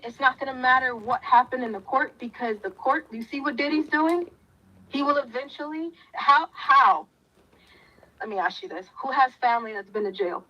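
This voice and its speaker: Southern woman commentator, high bright voice, impassioned and preachy, muffled lo-fi sound. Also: fairly quick. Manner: fiery, preachy, repetitive questions. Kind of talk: impassioned talk to viewers. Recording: muffled lo-fi audio.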